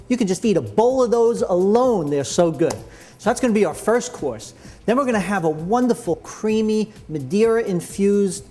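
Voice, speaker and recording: A man's voice: high-pitched, a little mellow. A man leading a cooking demonstration, chatty and enthusiastic as he explains each step in the kitchen. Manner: enthusiastic, chatty, full of praise. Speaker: cooking instructor.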